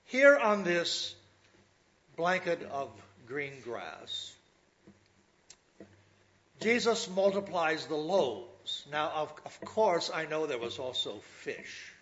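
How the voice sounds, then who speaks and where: A man preaching a sermon, talking to his listeners in a slow, lively way with asides. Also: a little high, lo-fi sound.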